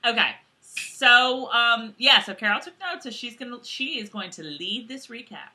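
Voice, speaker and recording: A woman co-hosting a casual show recap, animated and laughing often. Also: a little high, unhurried. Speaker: podcast co-host.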